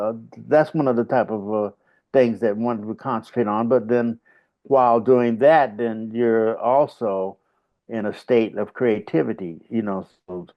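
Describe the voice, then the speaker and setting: A male saxophonist giving a video call interview, talking in a rambling, halting way with many fillers, now and then humming little grunts. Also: mid-range voice. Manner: hums little grunts to illustrate. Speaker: saxophonist and bandleader, interview guest. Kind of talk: casual reflective storytelling. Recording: dull lo-fi video call audio.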